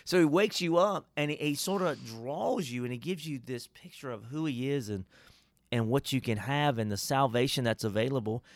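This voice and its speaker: A man's voice: mid-range voice, normal speed, dry recording, studio quality. A man, a pastor co-hosting a casual Bible-study chat, emphatic and folksy with preacherly asides.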